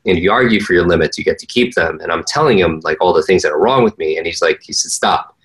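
Brief: earnest male interview guest, low-pitched, storytelling, stumbles and restarts often. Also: very fast, fairly bright tone, low-quality recording. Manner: earnest, frequent restarts and fillers. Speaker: interview guest, learning coach. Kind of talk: storytelling in conversation.

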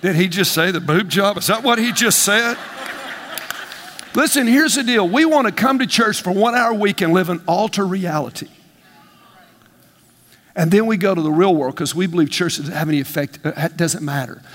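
A higher-voiced man preaching, swinging between a relaxed conversational tone and bursts of shouted emphasis. He keeps tossing questions to the congregation and playing out little dialogues. His voice rings through a large church with a long reverb. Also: moderate pace, long pauses, slight background noise. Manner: animated preaching, call-and-response, acts out dialogue. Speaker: pastor. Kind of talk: sermon. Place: church sanctuary.

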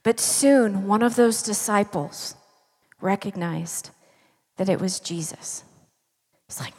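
A woman's voice: mid-range voice, slow, long pauses. A woman pastor preaching a sermon in an emphatic, conversational storytelling manner, heard in a reverberant church hall.

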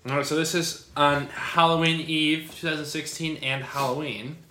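A man's voice: medium pitch, sharp tone, roomy sound. A young man co-hosting a casual podcast, reading news passages aloud and joking around in between. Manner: loose, joking, reads article passages aloud. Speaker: podcast co-host.

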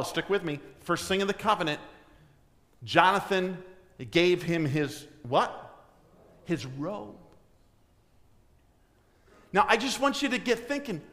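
A man preaching a sermon, asking his congregation questions and swinging from loud emphasis to hushed, near-whispered lines. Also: a little high. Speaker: pastor. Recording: long hall reverb.

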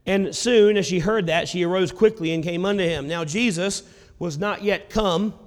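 A man's voice: sits high, moderate pace. A male preacher reading old-style scripture aloud and explaining it in casual asides. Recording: long hall reverb.

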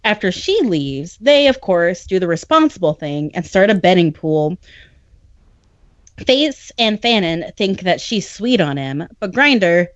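A woman's voice: lowish voice, sing-song, measured pace, no room sound, dull audio. A woman hosting a podcast, recapping a story in a chatty, sarcastic way and often laughing. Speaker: podcast host recapping a novel. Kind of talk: casual chat.

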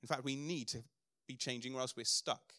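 A man's voice: mid-range voice, fairly even intonation, a little fast, pushed and bright, no room sound, studio quality. A middle-aged man preaching a sermon as pastor, earnest, building to emphatic declarations.

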